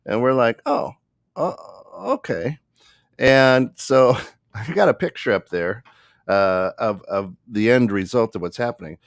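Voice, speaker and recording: A man's voice: mid-range voice, unhurried, dry recording, studio quality. A man co-hosting a podcast, telling a story in a casual way and acting out the other people in it. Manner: animated, acts out the other people in his story. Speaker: podcast co-host.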